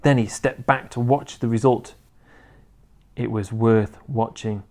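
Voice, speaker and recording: A man reading a children's book aloud in an expressive storytelling manner. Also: medium pitch, measured pace.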